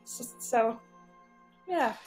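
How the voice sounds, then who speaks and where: A woman's voice: on the high side, extremely slow, a little mellow, soft background music. A woman player in a tabletop role-playing game, talking in a chatty, hesitant way full of fillers. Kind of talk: casual tabletop game play.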